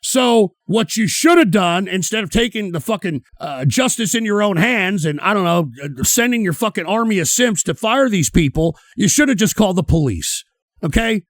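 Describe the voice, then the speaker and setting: Man, streamer, profane heated rant, sneering, high-pitched, dry recording. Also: lively intonation, moderate pace, no room sound. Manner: heated, sneering, swears constantly. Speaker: streamer reacting to clips. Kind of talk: profane ranting commentary.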